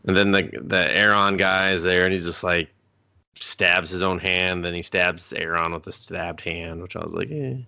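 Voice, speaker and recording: A man's voice: deep voice, little pitch movement, moderate pace, creaky, bright, forceful tone, clear, resonant tone. A man co-hosting a casual movie review podcast, recapping the plot sarcastically and with lots of swearing. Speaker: podcast co-host.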